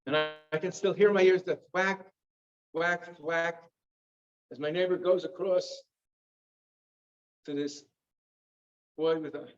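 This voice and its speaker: Telling vivid stories with theatrical flair and dry asides, a man addresses a synagogue audience as a guest speaker. He has a fairly high voice with even intonation, a measured pace, and long pauses, heard through a muffled lo-fi recording.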